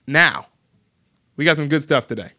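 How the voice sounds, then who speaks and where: A young man hosting a casual entertainment podcast, joking and animated as he tells stories. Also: fairly high pitch, normal speed. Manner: joking, animated storyteller who mimics voices. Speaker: host.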